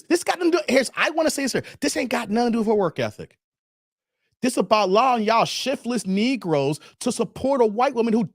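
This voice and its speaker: A man's voice: very high voice, no echo, studio quality. A man hosting a livestream commentary, emphatic and rambling, who repeats himself and uses a lot of slang. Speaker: YouTube commentary host. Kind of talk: livestream commentary with donation shout-outs.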